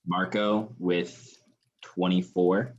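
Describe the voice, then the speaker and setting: A man keeping score in a trivia game, calm and matter-of-fact as he reads out totals. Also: low-pitched, very slow, dull audio. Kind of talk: casual chat, reading scores.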